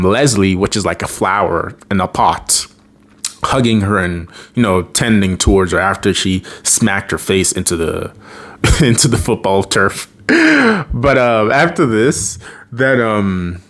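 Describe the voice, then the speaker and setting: A man casually retelling a cartoon episode, laughing often and acting out the characters' lines. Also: on the low side. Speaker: episode recapper. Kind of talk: casual plot recap.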